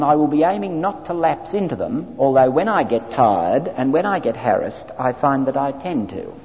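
A man from Australia, a clergyman, giving an animated, wry, anecdotal training talk to a group. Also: medium pitch. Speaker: clergyman teaching evangelism training. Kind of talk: lecture-style talk to a group. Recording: dull lo-fi recording in a reverberant hall.

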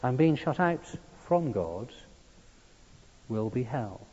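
A man's voice: mid-range voice, expressive, takes it slowly, mellow, breathy edge. Male preacher, earnest sermon, emphatic swells, dull muffled sound, long hall reverb. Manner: earnest, building to emphatic peaks.

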